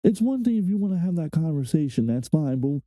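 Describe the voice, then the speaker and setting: Guy ranting on a react vid, cursing a lot, super dark mellow tone, dead dry sound. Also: fairly high pitch, sing-song, brisk, dry recording, rough recording. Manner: profane, heated ranting. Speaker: reaction video host. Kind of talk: casual reaction commentary.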